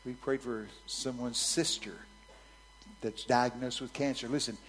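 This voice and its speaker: A male preacher delivering a sermon at an ordinary, mid-range pitch, speaking frankly and conversationally as he tells a vivid story. His volume swings from hushed, almost whispered lines to loud, emphatic bursts. A faint hum sits under the recording. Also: fairly even intonation, unhurried, poor audio.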